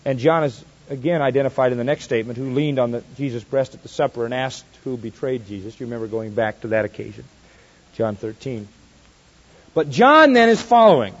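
A man preaching an expository sermon, swinging between soft, quiet asides and loud, emphatic points, and slowing right down to stress key verses. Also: medium pitch, highs cut off. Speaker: pastor.

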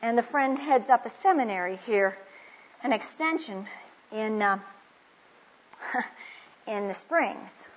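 A woman with a high, breathy voice delivers a sermon to a women's gathering, telling stories in a chatty tone. She slows right down to press her key phrases home. The recording is muffled and lo-fi. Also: expressive. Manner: conversational, with emphatic slow phrases. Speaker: speaker at a Christian women's conference. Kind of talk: personal storytelling sermon.

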